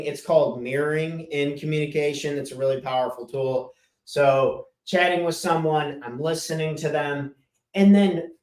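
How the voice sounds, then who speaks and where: A man's voice: on the high side, darkish tone. A male life coach talking casually and emphatically about listening, often letting his tone drop at the end of a point. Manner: casual, emphatic, drops tone at sentence ends. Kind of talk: solo podcast talk. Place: room with chalkboard. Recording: echoey room.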